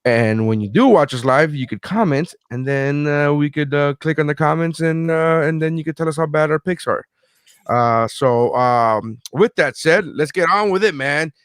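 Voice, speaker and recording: A man's voice: fairly high pitch, moderate pace, clean tone, no room sound. Profane, rambling podcast host man. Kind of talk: casual podcast banter.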